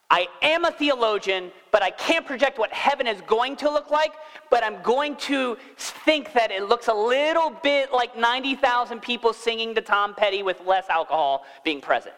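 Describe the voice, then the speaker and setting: A man's voice: sits high, normal speed, fairly bright tone, in a large hall, low-quality recording. A man preaching a sermon in a church, talking conversationally and asking the congregation questions. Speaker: pastor.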